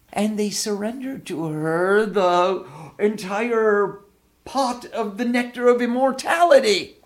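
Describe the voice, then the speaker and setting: A man teaching a devotional discourse with a slow, unhurried delivery. His pitch is lively and wide-ranging, rising high for emphasis and dropping low, and his voice sits a little higher than most men's. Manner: storytelling, expressive, unhurried. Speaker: spiritual teacher.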